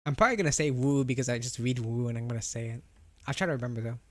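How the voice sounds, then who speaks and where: This clean, dry studio recording catches a young adult streamer talking rapid-fire in a mid-range, slightly bright voice. He rambles through casual chat with his audience, laughing and restarting constantly, and lisps a little on R and W.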